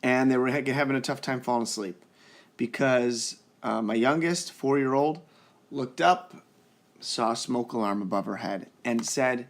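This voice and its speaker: A man's voice: mid-range voice, moderate pace. A young man talking earnestly and reassuringly to the camera in a casual parenting vlog. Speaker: parenting vlogger.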